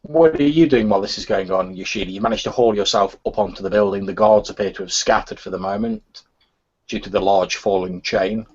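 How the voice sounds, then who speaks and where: Low, husky-voiced male game master. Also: brisk. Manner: relaxed, filler-laden narration. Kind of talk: narrating a tabletop game. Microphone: voice chat. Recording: muffled lo-fi voice chat.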